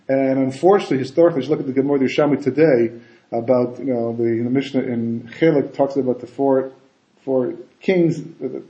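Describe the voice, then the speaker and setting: A man giving a casual Torah talk as a rabbi, animated and full of rhetorical questions and asides. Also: mid-range voice, dull audio. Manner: animated, rhetorical questions, frequent "you know" and "right?". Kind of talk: casual conversational Torah lecture. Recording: echoey room.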